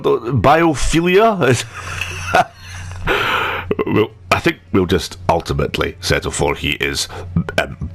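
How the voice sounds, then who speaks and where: Low voiced guy rambling over a footy career game, wordy and self mocking. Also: fairly bright tone. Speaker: gaming commentator. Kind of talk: casual game commentary.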